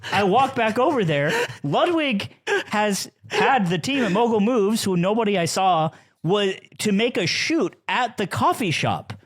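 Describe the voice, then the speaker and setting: A man's voice: high-pitched, animated, measured pace. Laughing rambling young man storyteller. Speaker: podcast regular. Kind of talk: casual storytelling chat.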